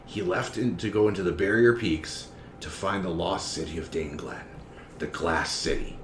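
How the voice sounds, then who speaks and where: A man voicing a scheming, map-obsessed male alien broker who talks in a hushed, urgent way. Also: deep voice, steady tone, normal speed, natural voice. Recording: echoey room, faint background noise.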